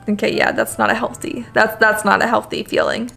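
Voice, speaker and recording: A young woman commentating a game for her audience in a blunt, reactive way that doesn't shy from swearing. Her voice sits high with a gravelly edge, and faint music plays underneath. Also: little pitch movement, brisk, hardly any pauses, fairly bright tone. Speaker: gaming video host. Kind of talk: let's-play commentary.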